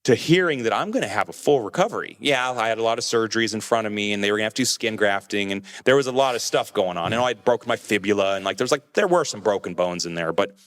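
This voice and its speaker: A man telling a story in casual podcast chat, animated and acting out what others said to him. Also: lowish voice, fast talker, few pauses. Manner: animated, acts out quoted voices, many restarts. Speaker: podcast co-host telling his crash story.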